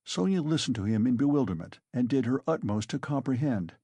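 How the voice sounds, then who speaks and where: A man narrating an audiobook in a measured, even storytelling manner. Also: medium pitch, husky, no room sound, clean studio sound. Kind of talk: scripted narration.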